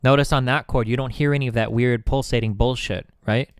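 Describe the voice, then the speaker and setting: A man's voice: mid-range voice, steady tone, brisk, clear, resonant tone, no echo, studio quality. A man casually explaining something on a live stream, rambling, searching for words and restarting his sentences often.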